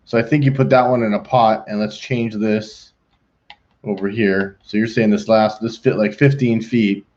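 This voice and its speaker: A man's voice: on the low side, steady tone, normal speed, a little mellow. A middle-aged man hosting a live pool design call, joking and talking to himself as he works on the computer. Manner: joking, talks to himself while working. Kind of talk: casual chat while designing on a computer. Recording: dull lo-fi stream audio.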